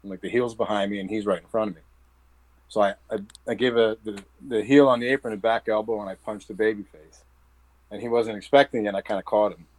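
In a laid-back interview, a pro wrestler from New Jersey, judging by his accent, acts out quoted dialogue as he spins animated stories. His lowish voice moves quickly, and the low-quality recording has no echo.

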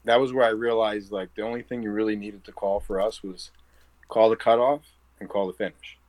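Jersey accent guy, wrestler guest, lowish voice, tells stories and does the quotes, dry mic. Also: brisk, no echo, rough recording. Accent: New Jersey. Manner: animated storyteller who acts out quoted dialogue. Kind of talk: casual interview chat.

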